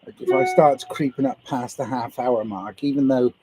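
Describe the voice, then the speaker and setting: A man's voice: mid-range voice, fairly even intonation, normal speed, background noise. A man livestreaming to viewers, musing his way through a loose, meandering monologue and swearing casually.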